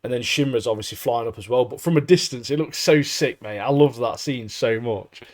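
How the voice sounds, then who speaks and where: A man's voice: mid-range voice, a little fast. Guy chatting anime on a podcast, keeps laughing and doing the characters' lines. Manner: animated, acts out characters' lines, laughs often. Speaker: podcast co-host. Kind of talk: casual chat recapping anime.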